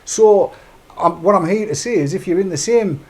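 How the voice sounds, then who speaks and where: A man's voice: high voice, moderate pace. A man hosting a casual panel chat, wry and teasing. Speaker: show host.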